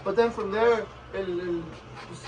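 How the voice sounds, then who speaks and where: Brief: high, quick male vlogger, mixes English and Spanish, slightly distant mic. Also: lo-fi sound. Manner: code-switching between English and Spanish, lively retelling with acted quotes. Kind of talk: casual storytelling chat.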